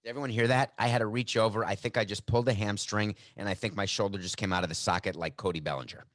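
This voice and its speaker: A man's voice: on the low side, steady tone, fast talker, fairly bright tone, no room sound, clean studio sound. Sarcastic man hosting a sports podcast. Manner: sarcastic, mock-dramatic. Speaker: podcast host. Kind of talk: sports talk monologue. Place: desk at home studio.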